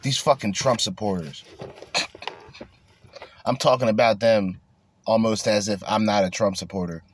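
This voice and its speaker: A man's voice: fairly low pitch, steady tone, moderate pace. A man hosting a casual podcast, ranting bluntly and crudely with lots of swearing. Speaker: podcast host.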